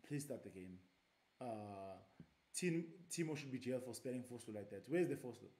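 A young South African man hosting a game tournament on a live stream, casual and full of hype and shout-outs. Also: medium pitch, normal speed. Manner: hyping, giving shout-outs to players. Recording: roomy echo, faint background hum.

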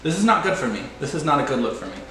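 A man's voice: very animated, rapid-fire, sharp tone, very echoey, slight background noise, low-quality recording. A man giving a casual, self-mocking commentary on a video game he is playing. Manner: playful, self-mocking, sudden high-pitched squeals.

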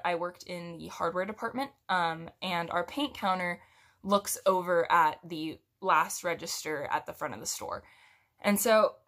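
A woman's voice: fairly low pitch, fairly bright tone. A young woman telling a casual story to her viewers, chatty and rambling, with giggles and restarts. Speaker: storytime vlogger.

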